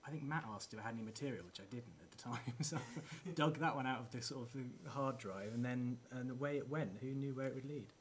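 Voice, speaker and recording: A man's voice: mid-range voice, fast talker, hardly any pauses. A man who writes the show, chatting casually on a live theatre stage with many fillers and chuckles. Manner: chuckling, filler-heavy storytelling. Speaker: writer and narrator. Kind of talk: casual stage chat and stage directions.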